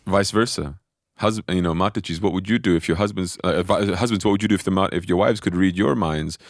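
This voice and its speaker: Very deep-voiced man telling a story. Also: fast, dry recording, studio quality. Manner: animated storyteller, frequent self-restarts. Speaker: spiritual teacher telling a personal story. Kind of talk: conversational podcast storytelling.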